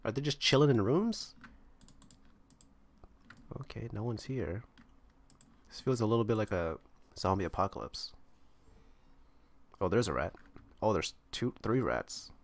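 A man's voice: on the low side, lively intonation, unhurried, pauses often. A man giving casual gameplay commentary, thinking aloud and rambling as he explores an online game. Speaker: gamer playing online roleplaying servers.

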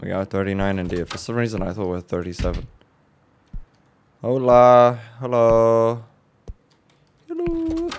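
A man with a fairly low voice hosts a let's play. He banters loosely, cracks jokes and drops the odd swear as he reacts to what happens on screen. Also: steady tone, darkish tone. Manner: jokey, swears, quick reactions. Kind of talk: casual gaming commentary.

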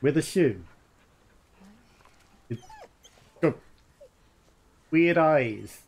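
A man narrates his own gameplay in a loose, chatty way, cracking jokes and laughing often. His voice is a little husky, and his pitch jumps around freely. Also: animated, very slow. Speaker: let's play host. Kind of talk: casual gameplay commentary.

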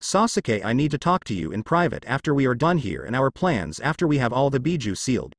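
A man voicing a playful, scheming masked man who teases in a slow, singsong way. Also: medium pitch, big pitch swings, no echo, studio quality. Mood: musing. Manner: teasing, singsong.

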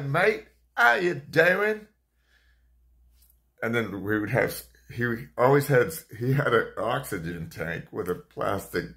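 Deep-voiced man telling a family story. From United States. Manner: conversational, animated, self-correcting. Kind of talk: personal storytelling.

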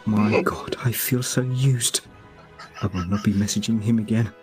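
A man's voice: on the low side, fairly even intonation, moderate pace, soft background music. A man narrating a comedy video in a pompous, mock-formal voice with theatrical outrage.

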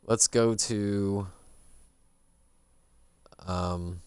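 A man's voice: on the low side, steady tone, drawn-out words, a little mellow, clean tone, no echo. A man streaming a game, muttering sarcastic, swearing asides as he plays. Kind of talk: casual gameplay commentary.

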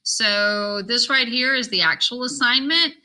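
A woman's voice: fairly high pitch, measured pace, bright, forceful tone. A woman teacher explaining a Spanish class assignment step by step in a chatty, casual screen-recorded walkthrough. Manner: chatty, repeats directions step by step.

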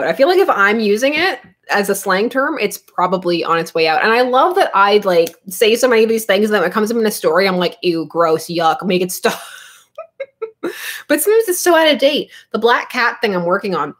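A woman's voice: fairly high pitch, very animated, a little fast. A Canadian woman in her thirties hosts a casual livestream about comics. She talks in chatty, bubbly asides and laughs often as she goes.

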